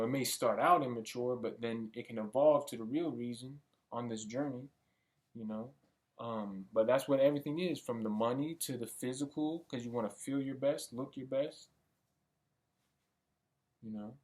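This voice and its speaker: A young man thinking out loud in a rambling motivational monologue, casual and sometimes swearing. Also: mid-range voice. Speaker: vlogger. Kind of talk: motivational self-talk monologue.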